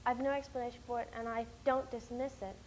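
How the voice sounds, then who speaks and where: A young woman from the United States being interviewed, telling stories in a rambling, animated way with many fillers. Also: a little high, fast, slight background noise, poor audio. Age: young adult. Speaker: interviewee, documentary film-maker. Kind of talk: casual chat.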